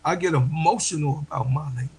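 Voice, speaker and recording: A man hosting a livestream, speaking to his viewers slowly and from the heart, often repeating himself and getting emotional. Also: on the high side, creaky, husky, poor audio. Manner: slow, heartfelt, repeats phrases. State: emotional, near tears. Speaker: livestream host.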